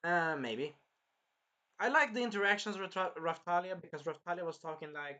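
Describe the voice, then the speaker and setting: A man's voice: sits high, moderate pace, bright, forceful tone. A man casually chatting through an anime episode review, rambling and swearing now and then as he retells scenes.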